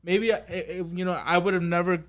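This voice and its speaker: A man's voice: sits high, steady tone, brisk, fairly bright tone. A man hosting a casual podcast, talking bluntly and with emphasis, and swearing freely. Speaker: podcast host.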